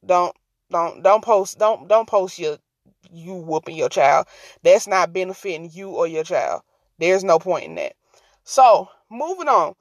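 A woman's voice: mid-range voice, no echo. Sassy lady ranting to the camera, blunt and funny, dead dry audio. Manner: sassy, brash, talks to herself to calm down. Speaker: vlogger. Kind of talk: casual commentary rant.

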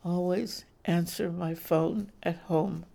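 A woman voicing a drugged, hypnotized person who answers in a flat, robotic way. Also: on the low side, takes it slowly, gravelly, exaggerated voice. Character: drugged hypnotized adult, compliant and dazed.

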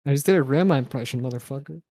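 A man's voice: mid-range voice, very fast, warm tone, no room sound. A young man co-hosting a podcast, joking around in casual chat, swearing and laughing often. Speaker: podcast co-host.

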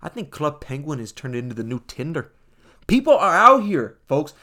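A man's voice: on the high side, big pitch swings, normal speed, bright, forceful tone. A young man hosting a casual comedic monologue, joking and slangy, often calling listeners folks.

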